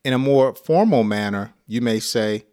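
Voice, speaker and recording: An American man teaching an English lesson, speaking slowly and deliberately with light chuckles. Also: medium pitch, darkish tone. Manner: slow, deliberate and clearly spoken, with light chuckles.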